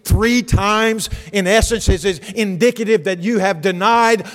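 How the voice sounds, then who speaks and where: Preacher guy doing jesus, slow and forceful, kinda high, big echoey hall. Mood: grave urging. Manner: slow, forceful, raised declamation. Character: Jesus, a firm man rebuking his follower.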